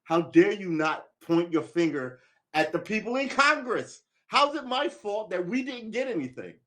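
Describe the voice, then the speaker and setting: A man's voice: high voice, sing-song, normal speed, a bit bright. A middle-aged man chatting on a casual live stream, rambling and profane with many restarts, a little tipsy from drinks. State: slightly tipsy. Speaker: vlogger.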